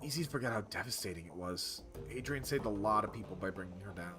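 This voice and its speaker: A man's voice: on the low side, fast talker. A man reading a game's text aloud in a narrated playthrough, with wry asides. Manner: wry asides between read lines. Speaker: streamer reading a game aloud. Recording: game music behind voice.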